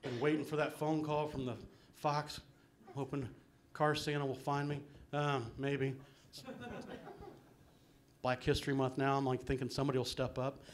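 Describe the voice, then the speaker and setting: A man's voice: mid-range voice, level tone, moderate pace, pauses often, a little hiss or hum. A middle-aged man doing a live stand-up set in a small venue, rambling and self-deprecating, dropping "man" and "um" everywhere. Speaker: stand-up comedian.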